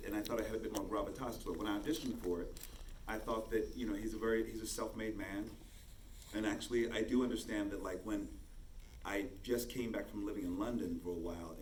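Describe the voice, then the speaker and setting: Low-voiced man talking in an echoey hall. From United States. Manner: relaxed, chatty, laughs easily. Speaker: actor on a panel. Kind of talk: panel conversation. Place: large festival hall with audience. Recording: echoey hall, distant mic, background noise.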